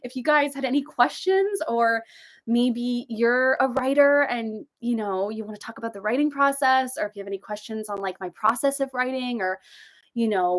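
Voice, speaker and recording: Young woman, bubbly and gushing, casual livestream chat, slightly high voice, from San Diego. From San Diego, USA. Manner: bubbly, gushing, often jumps up in pitch reading greetings. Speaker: author and video creator hosting a livestream. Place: desk at home overlooking the ocean.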